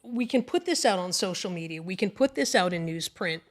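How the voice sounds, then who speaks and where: A woman's voice: fairly low pitch, animated, fairly quick. A middle-aged woman being interviewed in a TV studio, telling stories in a positive, upbeat way. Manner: upbeat, warm storyteller. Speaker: guest, river cleanup organizer.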